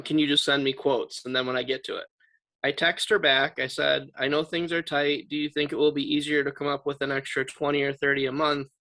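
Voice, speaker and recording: A man's voice: medium pitch, pushed and bright, low-quality recording. A man, an insurance agent, telling a blunt story about a client in a casual team meeting on a video call. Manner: blunt, storytelling with quoted texts.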